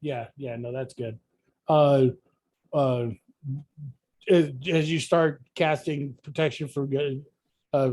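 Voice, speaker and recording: A man's voice: medium pitch, darkish tone. A man narrating as game master of a tabletop game, hesitant with many fillers.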